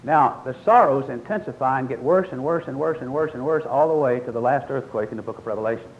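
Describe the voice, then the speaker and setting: A man's voice: medium pitch, fast talker, muffled recording. An older man preaching a sermon, explaining scripture in a folksy, storytelling way and reading verses aloud.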